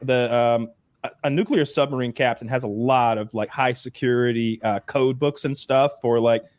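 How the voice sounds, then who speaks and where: A man's voice: medium pitch, steady tone, normal speed, a little mellow, no room sound. A man co-hosting a podcast, telling a rambling story in casual chat. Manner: rambling storyteller, puts on mocking voices. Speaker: podcast co-host.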